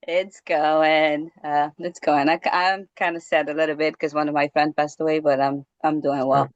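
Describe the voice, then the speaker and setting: A woman with a slightly low voice speaks earnestly as a guest teacher, laughing between phrases. The recording is dry and muffled. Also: flat delivery, normal speed, no room sound. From Cape Verde.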